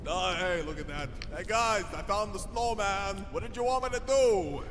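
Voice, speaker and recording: A man's voice: high-pitched, normal speed, natural voice. A man voicing a weary, exasperated male cartoon unicorn who answers with sarcasm. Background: loud music.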